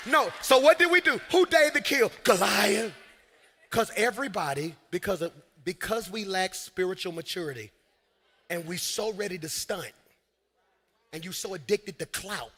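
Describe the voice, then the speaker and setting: A man preaching a lively sermon from a church stage, shouting, laughing and talking to his congregation. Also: sits high, normal speed, a little hiss or hum. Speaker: pastor. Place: large church hall on stage. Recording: long hall reverb.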